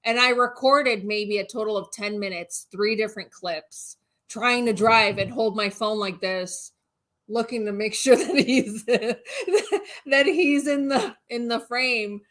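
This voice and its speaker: Woman cohost chatting on a livestream, animated, laughs a lot while she tells it. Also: fairly high pitch, slow pace. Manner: animated, laughs through the story. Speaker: channel co-host. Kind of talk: casual livestream storytelling.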